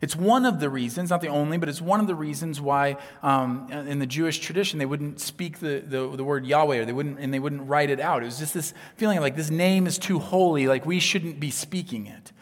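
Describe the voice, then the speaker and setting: A man preaching a sermon as pastor, earnest and emphatic, dropping to a hush on key points. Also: fairly high pitch, fairly quick, hardly any pauses, big-room sound.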